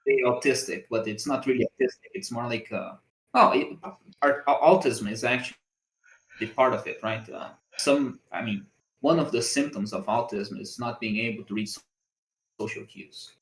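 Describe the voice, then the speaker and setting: A man in his twenties with a Latin American accent, chatting casually as a co-host, explaining haltingly with many fillers. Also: medium pitch, roomy sound, rough recording. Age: 20s. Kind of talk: casual chat.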